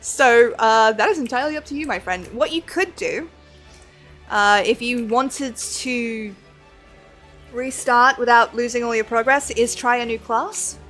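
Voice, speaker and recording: A woman's voice: a little high, measured pace, fairly bright tone. A woman streaming a game, chatting casually and rambling with frequent laughs, over faint background music. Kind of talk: casual chat while gaming.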